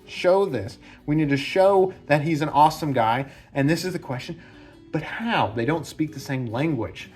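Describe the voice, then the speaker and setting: A man hosting a casual film analysis, talking enthusiastically and rambling, often repeating himself. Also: fairly high pitch. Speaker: video essay host.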